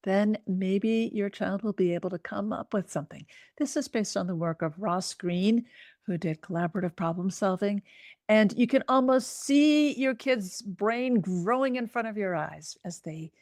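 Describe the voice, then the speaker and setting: A woman's voice: medium pitch, moderate pace, a little mellow, no room sound, studio quality. A woman psychologist answering a parent's question, chatty and laughing, acting out what parents might say. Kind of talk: advice Q&A.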